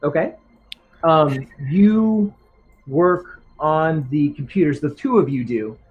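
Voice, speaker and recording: A man's voice: fairly high pitch, expressive, takes it slowly, narrow, tinny audio, faint music behind. A man narrating as game master for a tabletop game, rambling with many ums and restarts.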